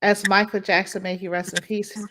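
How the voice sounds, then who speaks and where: A woman's voice: medium pitch, flat delivery, a little fast, very noisy. A woman hosting a podcast interview who asks questions casually and backs up her guest with frequent affirmations. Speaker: podcast host.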